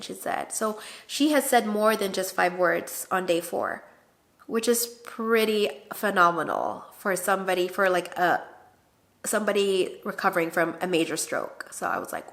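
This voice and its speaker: A woman vlogger casually telling a family story, chatty and animated, often acting out quoted dialogue. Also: medium pitch, normal speed, vocal fry.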